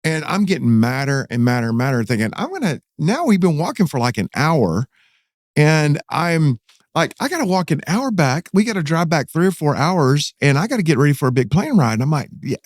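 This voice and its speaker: A middle-aged pastor with a Texan accent tells a story on a podcast. His delivery is dramatic and his pitch swings widely. The sound is close and dry. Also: fairly quick, no echo. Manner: animated, dramatic retelling with rising excitement. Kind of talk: casual storytelling in a podcast interview.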